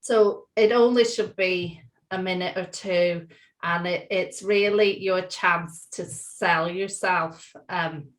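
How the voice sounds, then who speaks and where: A woman co-leading an online workshop over a video call, upbeat and practical and quick to laugh. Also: fairly low pitch, fairly even intonation, poor audio. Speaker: workshop co-facilitator.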